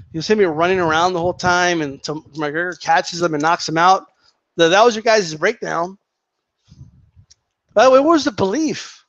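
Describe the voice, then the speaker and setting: A man with a high voice rants to his viewers, heated and mocking, swearing freely and hammering his points through repetition. The sound is dull and lo-fi. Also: a bit bright, no room sound. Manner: heated, profane, mocking, repeats himself. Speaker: boxing commentator vlogger. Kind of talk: casual rant to viewers.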